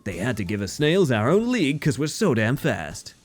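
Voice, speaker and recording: A man's voice: mid-range voice, sing-song, normal speed, faint music behind. A man voicing a cocky male racing snail champion in a game, with a strained, boastful hype-man patter. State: voice strained from the put-on.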